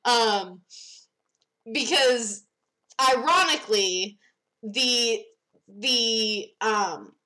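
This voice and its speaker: Slow, bright-voiced giggly young woman. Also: a little high, rough recording. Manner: hesitant and rambling, many ums, giggly. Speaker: comic artist livestreaming. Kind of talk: casual storytelling on a livestream.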